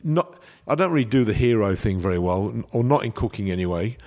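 With a fairly low pitch and a quick pace, an English chef chats informally. He winds through rambling anecdotes, telling them in an animated way.

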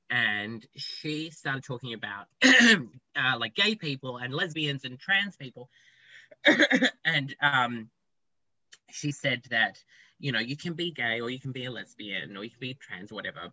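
A young man, a podcast guest, telling his story in a candid, animated way with casual swearing. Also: mid-range voice, no room sound, highs cut off.

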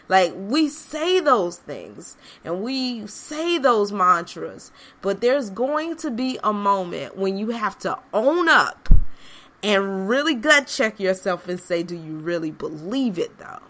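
A woman's voice: mid-range voice, pushed and bright. A woman hosting a podcast, speaking in an earnest, conversational way straight to her listeners. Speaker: podcast host. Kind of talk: reflective motivational monologue.

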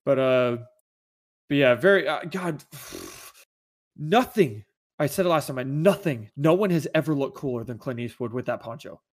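A man's voice: mid-range voice, lively intonation, normal speed. A man chatting casually about movies as a podcast co-host, rambling and enthusiastic, with many restarts.

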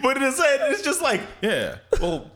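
A young man co-hosting a podcast in casual chat, swearing often, laughing a lot and acting out cartoon lines in squeaky high voices. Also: huge pitch swings, takes it slowly, sharp tone. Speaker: podcast co-host.

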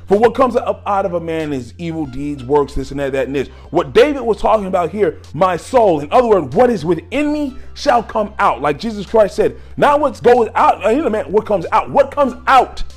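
A man preaching a sermon on gratitude in an exhorting way, moving from low talk to loud shouts. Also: sing-song, moderate pace, hardly any pauses, breathy edge, soft background music.

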